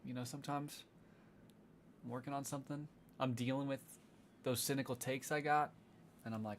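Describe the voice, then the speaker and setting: A man's voice: mid-range voice, fairly even intonation, moderate pace, pauses often, a little hiss or hum. A young man chatting casually on a livestream as a music streamer, sardonic and rambling, swearing freely.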